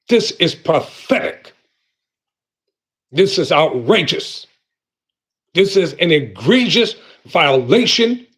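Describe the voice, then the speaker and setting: A man's voice: fairly high pitch, a bit bright, husky. A man hosting a live commentary show, talking angrily and with heavy emphasis, repeating his points for force.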